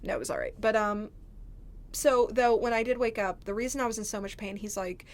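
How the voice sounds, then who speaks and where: A woman's voice: a little high, fairly quick. A woman telling a candid storytime to camera in casual chat, rambling and peppered with "like". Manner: candid, rambling, heavy use of "like". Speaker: vlogger. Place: indoors, seated at home.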